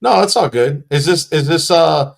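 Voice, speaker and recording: A man's voice: on the high side, moderate pace, gravelly. A man hosting a casual live stream, bantering with guests and cracking crude jokes. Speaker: host.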